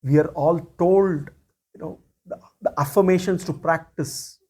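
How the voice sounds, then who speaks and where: A man giving a spiritual discourse as a teacher, speaking deliberately, repeating key phrases and reciting verses. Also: fairly high pitch, fairly even intonation, mellow.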